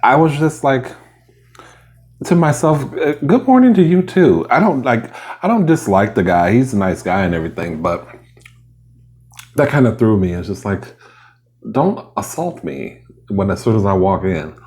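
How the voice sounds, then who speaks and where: A man's voice: on the low side, big pitch swings, moderate pace, long pauses, a little mellow. A man vlogging while he eats, chatting casually and rambling between bites. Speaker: mukbang vlogger. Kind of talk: casual chat while eating.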